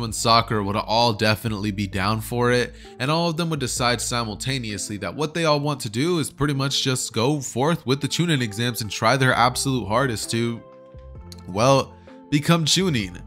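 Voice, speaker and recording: A man's voice: mid-range voice, fairly bright tone. A man casually retelling an anime what-if story, rambling with lots of filler words. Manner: rambling, fillers like right and pretty much. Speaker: YouTube storyteller. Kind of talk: casual fan-fiction retelling.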